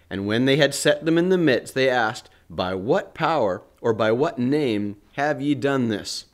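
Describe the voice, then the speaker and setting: A man giving a devotional talk and Bible reading, earnest and hoarse with his morning voice. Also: medium pitch. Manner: slow, earnest preaching with a prayer. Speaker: family ministry host.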